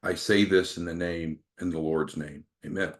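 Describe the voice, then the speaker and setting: A man voicing a kindly older gentleman who prays slowly and reverently, with a gravelly voice. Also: low voice, fairly even intonation, pitched below the performer's own voice, natural voice. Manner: slow, reverent praying. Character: kindly older gentleman praying before a sales call.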